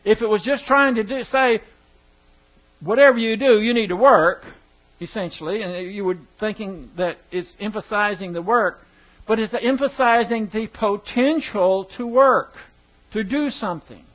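A high-pitched man leads a Bible study, stumbling over words and starting them over as he explains a verse. He puts questions to his listeners as he goes. The recording sounds dull and muffled. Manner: halting, stumbles and restarts words; asks the class rhetorical questions. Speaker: Bible teacher. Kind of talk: evening Bible study teaching.

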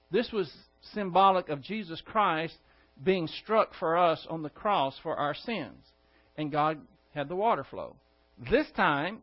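A man teaching a Bible study, animatedly retelling the scripture with asides and self-corrections, on a dull lo-fi recording. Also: a little high.

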